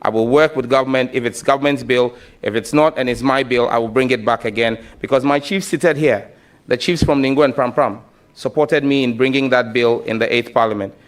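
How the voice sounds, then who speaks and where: A man speaks as a nominee before a parliamentary committee. His voice sits at an ordinary middle pitch, and he answers in an emphatic, impassioned way, with a few stumbles as he starts. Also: a little fast. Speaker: ministerial nominee at a parliamentary vetting. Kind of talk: formal hearing testimony.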